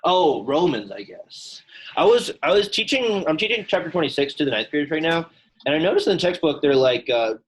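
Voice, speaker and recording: A man's voice: a little high, big pitch swings, a little fast, husky, low-quality recording. A young man teaching a Latin class in a classroom, chatty and casual, full of "like" fillers. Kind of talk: classroom lesson.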